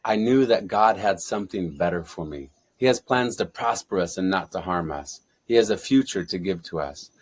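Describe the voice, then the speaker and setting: A husky, fairly low-voiced man talks like a preacher, pressing each point with repeated affirmations. He is a guest on an interview show, urging listeners toward self-belief. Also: animated, normal speed, hardly any pauses. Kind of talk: motivational interview talk.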